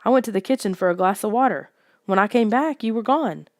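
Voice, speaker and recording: A woman voicing a boy who talks softly and in hushed tones. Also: medium pitch, fast talker, no echo, clean studio sound, voice pushed up, close to an everyday voice. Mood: calm. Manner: soft, hushed. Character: boy friend, quiet and eerie.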